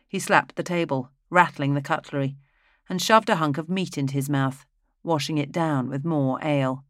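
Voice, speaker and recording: A narrator reading a fantasy audiobook in a steady, even storytelling manner. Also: medium pitch, moderate pace, no echo, clean studio sound.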